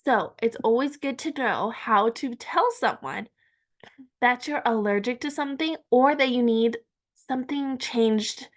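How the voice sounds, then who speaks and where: A woman teaching a Spanish lesson, saying each word slowly and repeating it for learners. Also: on the high side. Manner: slow and deliberate, repeating words for learners. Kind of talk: language lesson.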